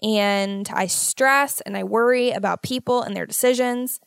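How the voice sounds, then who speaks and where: A woman hosting a casual solo podcast, talking in an animated, worried, motherly way and exaggerating her fears. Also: on the high side, unhurried, vocal fry, clear, resonant tone, dry recording, clean studio sound. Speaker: podcast host.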